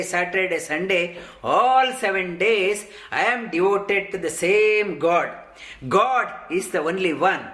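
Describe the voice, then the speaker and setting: A man giving a slow, halting scripture discourse as a spiritual teacher, full of ums and restarts. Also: high-pitched, sharp tone. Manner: halting, many ums, slow deliberate explanation.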